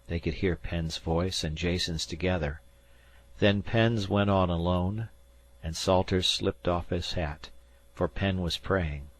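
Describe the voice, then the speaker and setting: A man reading a classic novel aloud as an audiobook narrator, slow and expressive. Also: deep voice.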